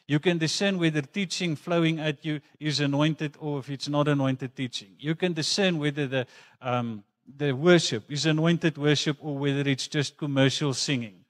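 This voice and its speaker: A man preaching a sermon in a church, talking earnestly and conversationally and mixing in personal stories. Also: a little high. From South Africa. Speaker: pastor.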